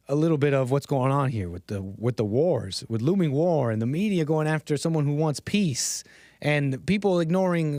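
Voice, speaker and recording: A man hosting a casual commentary stream, talking in a loose, rambling way with many restarts and the odd laugh. His voice sits a little high and sounds close and dry. His delivery is unpolished and conversational. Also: a little mellow, no room sound. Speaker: host.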